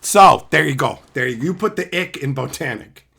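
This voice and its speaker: A man's voice: mid-range voice, moderate pace, vocal fry, husky. A man live-streaming as he opens card packs, chatting casually and hurling profane, mock insults with frequent laughs. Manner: excitable, laughs often.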